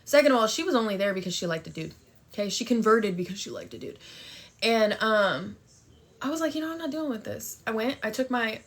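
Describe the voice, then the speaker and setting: A woman's voice: medium pitch, animated, a little fast. A young woman telling a story and chatting on a phone livestream, brash and profane, thanking viewers for gifts. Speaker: TikTok live streamer.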